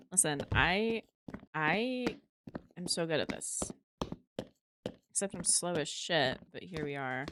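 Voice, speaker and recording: Slow-talking, low-voiced woman streamer. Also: animated, noisy background. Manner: chatty, swears freely, talks to herself while playing. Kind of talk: casual live-stream chat.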